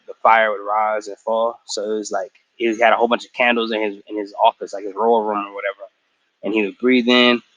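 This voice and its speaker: A man's voice: fairly low pitch, a bit bright, no echo, rough recording. Slangy young man recapping a show. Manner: slangy, profane, acts out quotes. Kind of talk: casual episode recap.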